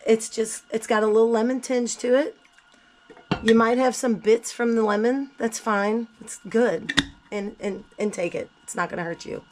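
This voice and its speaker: A woman's voice: medium pitch, slight background noise. A woman with a cold making tea in her home kitchen, talking casually and bluntly to the camera with self-mocking asides. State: sick, voice not at its best. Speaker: gardening vlogger. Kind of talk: casual kitchen how-to chat.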